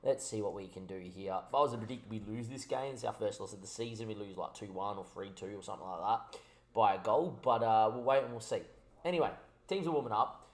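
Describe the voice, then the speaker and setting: A man giving casual commentary on his football management game, a little tipsy from wine, switching between excitable mock match calls and chatty asides. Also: on the low side, fast.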